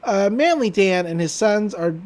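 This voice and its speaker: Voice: mid-range voice, moderate pace. A podcast host casually recapping a cartoon episode, laughing often and adding wry asides about the plot. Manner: animated, laughs often, acts out characters' lines.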